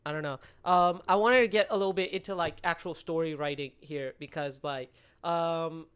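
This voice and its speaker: A man's voice: fairly high pitch, normal speed, fairly bright tone, clean tone. A young man co-hosting a podcast, talking casually and rambling, with many fillers as he searches for words. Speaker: podcast co-host. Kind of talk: casual chat.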